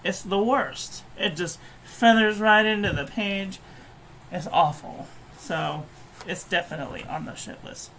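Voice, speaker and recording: A woman's voice: mid-range voice, a little slow, a bit bright, a little hiss or hum, rough recording. A woman giving a casual, blunt and frankly profane review of pens and paper. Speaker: stationery reviewer.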